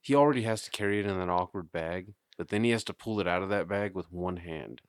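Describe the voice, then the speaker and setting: A man co-hosting a podcast, talking in casual, crude, joking banter and mimicking people in quick voices. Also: low-pitched, no echo, clean studio sound. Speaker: podcast co-host.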